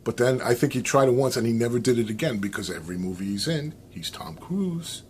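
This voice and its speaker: American guy vlogging his opinions, rambling, animated, faint background noise. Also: medium pitch, fairly quick. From United States. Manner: rambling, animated, with many restarts and fillers. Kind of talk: casual opinion monologue.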